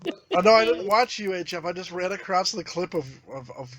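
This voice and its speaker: A man's voice: high voice, animated, fairly quick. A man co-hosting a podcast, blunt and crude, laughing at his own jokes. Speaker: podcast co-host. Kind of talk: casual chat.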